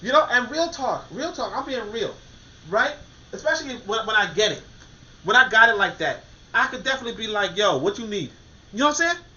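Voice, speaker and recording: A man's voice: very high voice, animated, a little fast, sharp tone. A man hosting a podcast in casual motivational talk, emphatic and repetitive, full of fillers and restarts. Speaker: podcast host. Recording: dull lo-fi recording.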